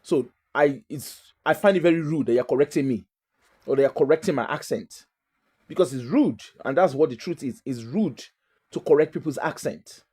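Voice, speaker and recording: A Nigerian woman with a Nigerian accent hosts a casual monologue, chatty, emphatic, and prone to digressions. Her voice sits low and is mellow with a breathy edge, at a moderate pace.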